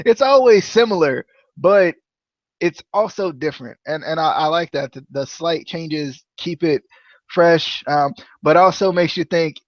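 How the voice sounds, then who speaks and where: Guy rambling about wrestling on a podcast, kinda high voice, lots of ums and laughs, dull dry mic. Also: moderate pace, no echo. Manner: rambling, laughs often, many fillers and restarts. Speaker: podcast host. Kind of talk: casual wrestling review chat.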